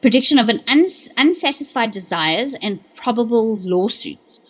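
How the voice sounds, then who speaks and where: A woman's voice: on the high side, lively intonation, normal speed, slightly rough, dull audio. Chatty, exclamatory woman livestreaming. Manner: chatty, exclamatory, swears freely. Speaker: livestream host reading dream meanings. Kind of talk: casual livestream chat.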